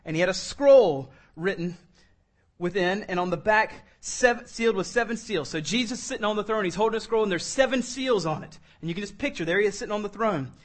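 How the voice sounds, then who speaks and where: A man with a high-pitched voice preaches a sermon. He reads scripture slowly and with weight, and he climbs from low, quiet passages to loud, emphatic ones. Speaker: pastor.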